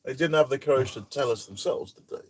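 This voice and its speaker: A man's voice: mid-range voice, quick pace, darkish tone, breathy edge. A man chatting on a live stream from a camper van, joking and reading out viewers' comments. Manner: joking, wry, talks to viewers by name. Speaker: vlog host reading live chat. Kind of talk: casual live-stream chat.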